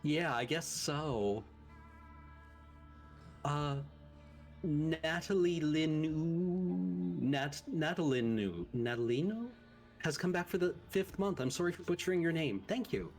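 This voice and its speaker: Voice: medium pitch, animated, measured pace, soft background music. A stream co-host in casual chat, reading subscriber thanks and stumbling over names.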